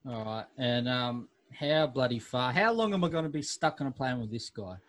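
A man's voice: medium pitch, expressive, normal speed, rough recording. A man hosting a podcast in casual, brash banter, swearing freely. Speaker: podcast host.

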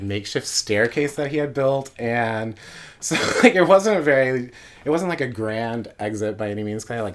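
A man's voice: on the low side, a little hiss or hum. A man in his late twenties casually telling a personal story, rambling with lots of asides. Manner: rambling, full of fillers and asides. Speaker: guest storyteller.

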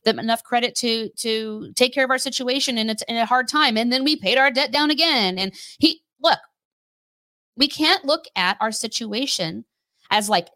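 A woman co-hosting a faith show, talking casually with her husband, animated and quick to laugh. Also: fairly high pitch, no echo. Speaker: co-host of a faith teaching show.

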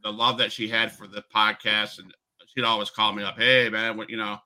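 Bright-voiced earnest podcast host man. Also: lowish voice, flat delivery, fairly quick. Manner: earnest, rambling, many fillers. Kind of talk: casual interview chat.

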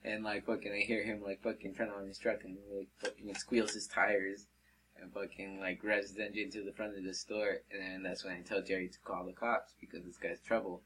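A man's voice: deep voice, flat delivery, brisk, a bit bright, a little hiss or hum, poor audio. A man telling a story to friends in a rambling, profane way, full of fillers. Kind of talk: casual chat.

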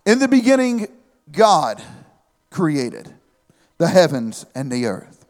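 A man in his thirties with a rather high voice delivers an animated sermon. He mixes earnest preaching with humorous asides and calls out amen to his listeners. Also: slow pace, in a large hall.

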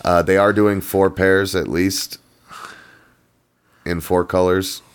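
A man's voice: deep voice, level tone, slow, clear, resonant tone. A man co-hosting a podcast over a remote call, ranting and swearing in casual chat and mocking people in put-on voices. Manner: profane, ranting, mocking impressions. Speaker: podcast co-host. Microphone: remote call mic.

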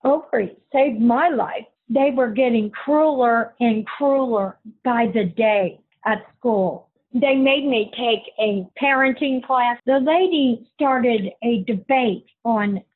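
A woman's voice: fairly high pitch, takes it slowly, hardly any pauses. A middle-aged woman earnestly telling a personal story in a plain-spoken, spiritual way. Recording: husky voice on a phone-like line.

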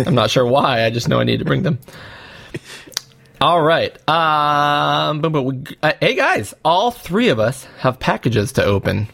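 A man's voice: on the high side, very animated, measured pace, vocal fry, a bit bright. Easygoing man in casual chat. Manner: playful, easygoing. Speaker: podcast co-host.

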